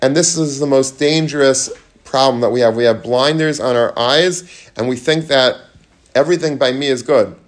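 A man preaches a storytelling sermon with lively energy, and his voice jumps up and down as he acts out the people in his story. Yiddish and Hebrew terms slip into his plain talk. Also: mid-range voice, moderate pace. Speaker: Torah lecturer.

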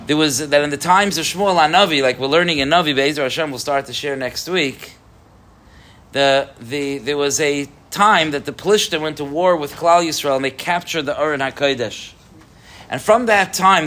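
A man teaching a Torah class to a live group, animated, with rhetorical questions and frequent restarts. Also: a little high.

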